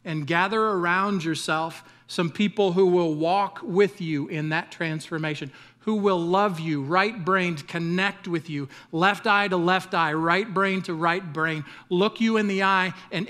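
A man's voice: fairly high pitch, fairly bright tone. A middle-aged man preaching a sermon in a conversational style, mixing humor and asides with scripture. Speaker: pastor.

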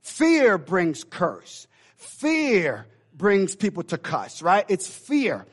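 A middle-aged male pastor preaching a sermon, swinging from loud emphatic declarations to hushed low asides with call-and-response phrases. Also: wildly swooping pitch, drawn-out words, husky.

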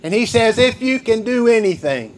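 A man's voice: extremely high pitch, sing-song, normal speed. A man preaching a sermon, reading scripture and repeating key phrases for emphasis. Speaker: pastor.

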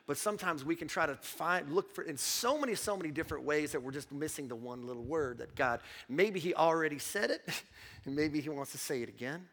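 Animated pastor in an echoing hall. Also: male voice, on the high side, a little fast. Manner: storytelling with frequent repetitions, swings from hushed to exclamatory. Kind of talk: sermon. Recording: long hall reverb.

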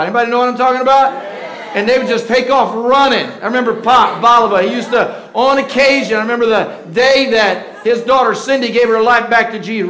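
A male pastor with a high voice delivers a sermon in a church sanctuary, the sound ringing around a roomy hall. He prods the congregation for call-and-response, sometimes drawing words out at full volume, then dropping to a near-hushed tone. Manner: swings between slow shouted emphasis and soft, breathy asides.

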